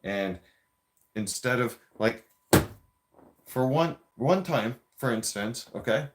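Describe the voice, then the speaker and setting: A man's voice: medium pitch, lively intonation, slow, very noisy. A man telling a story in a heated, profane, rambling rant with frequent restarts, a few beers in. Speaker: vlogger.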